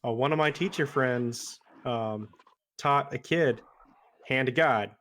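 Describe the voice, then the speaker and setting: A man livestreaming an online game, chatting casually with a friend, relaxed and chuckling as he muses over how words are pronounced. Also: mid-range voice, takes it slowly. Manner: laid-back, chuckling, muses on word pronunciation. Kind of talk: casual chat while gaming.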